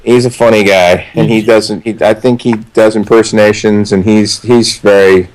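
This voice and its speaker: A man's voice: lowish voice, normal speed, low-quality recording. A man, an actor being interviewed, telling casual anecdotes with many restarts and some swearing. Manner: animated storyteller, frequent restarts and swearing.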